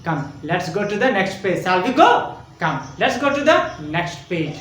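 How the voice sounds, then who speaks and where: A man gives a grammar lesson to young children in a high, bright voice. He speaks very slowly and keeps repeating himself, checking in with "okay?" and spelling words out letter by letter. The sound is distant and very echoey, as if he is standing away from the mic. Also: big pitch swings, slight background noise. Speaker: school teacher.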